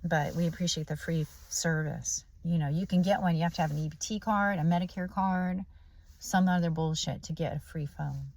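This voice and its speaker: A woman's voice: deep voice, normal speed, a little mellow, no echo. A woman vlogger delivering a blunt, preachy, profanity-laced ranting monologue. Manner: blunt, swears constantly, preachy.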